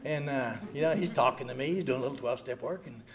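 An older man speaking at a recovery meeting, giving an animated, self-mocking personal testimony full of "you know.". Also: mid-range voice, quick pace, noisy background.

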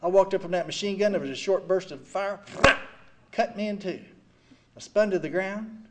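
An older man speaking at a recovery meeting, giving an animated, self-mocking personal testimony full of "you know.". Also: high voice, normal speed, heavy background noise.

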